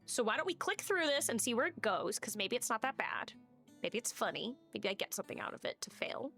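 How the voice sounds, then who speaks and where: A woman's voice: a little high, big pitch swings, brisk, bright, forceful tone, faint music behind. A woman streaming a game live, chatting casually, swearing and reading the game's text aloud.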